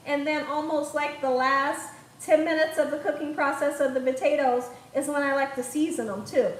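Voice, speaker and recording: A woman's voice: high-pitched, slight background noise. A young woman hosting a live cooking stream from her home kitchen, chatting, laughing often and reading viewers' comments aloud. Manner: chatty, laughs often, says okay a lot. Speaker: cooking channel host. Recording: echoey kitchen, mic far off.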